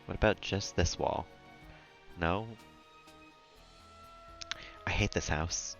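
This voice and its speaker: A man's voice: sits low, slow, vocal fry, a bit bright, dull audio, soft background music. A man live-streaming a game, rambling and chatty, often laughing at his own jokes. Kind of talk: casual gameplay commentary.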